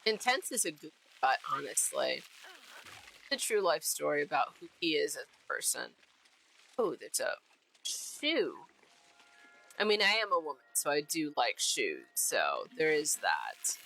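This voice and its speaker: A woman's voice: low voice, big pitch swings, measured pace, gravelly, long pauses, pushed and bright, rough recording. A woman streamer chatting casually while she plays a game, bubbly and repeating herself often. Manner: bubbly, repeats herself, giggly silly name-calling.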